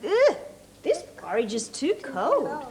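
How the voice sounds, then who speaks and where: A woman's voice: high voice, huge pitch swings, slow, a little mellow, pitched above the performer's own voice, heavily acted. A woman doing fussy little Goldilocks. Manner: fussy, exclamatory. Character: curious, fussy little girl. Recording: hissy old 1980s TV tape.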